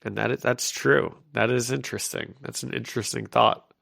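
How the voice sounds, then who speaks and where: A man's voice: medium pitch, steady tone, moderate pace, gravelly, fairly bright tone. A man co-hosting a podcast, chatting casually as he recaps a comic, laughing often and restarting his sentences. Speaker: podcast co-host.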